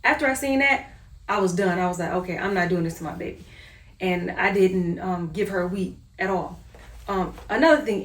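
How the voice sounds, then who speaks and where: A mother casually telling her family's story in an animated way, acting out her own reactions. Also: medium pitch. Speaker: mother sharing her family's diet experience. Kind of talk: casual personal storytelling monologue. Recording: echoey room, voice far from the mic.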